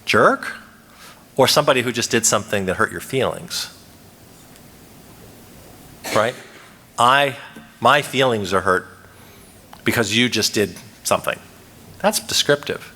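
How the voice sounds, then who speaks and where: A man lecturing a live audience into a microphone in a conference hall, and his voice carries a long reverb. His tone is bright and forceful, with pitch that swings widely as he poses questions and acts out quoted lines. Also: expressive, a little slow, long pauses. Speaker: conference speaker.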